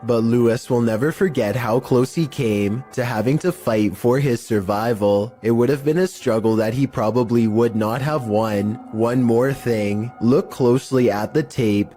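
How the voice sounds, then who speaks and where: Male narrator, scripted, ominous pacing, soft music bed. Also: mid-range voice. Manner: slow, ominous storytelling.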